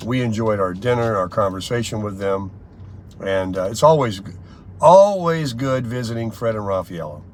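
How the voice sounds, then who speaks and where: An older man vlogging from inside a car, telling stories in a rambling, chatty way with lots of pauses and fillers. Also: fairly low pitch, animated, slight background noise. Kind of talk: casual daily vlog chat.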